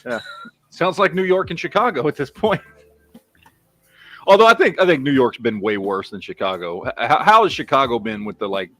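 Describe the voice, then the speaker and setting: A man's voice: medium pitch, expressive, normal speed, fairly bright tone. A middle-aged man with a Texan accent hosting a casual livestream, rambling and swearing as he reads out viewer names. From Texas. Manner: rambling, profane, reads chat names aloud. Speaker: livestream host.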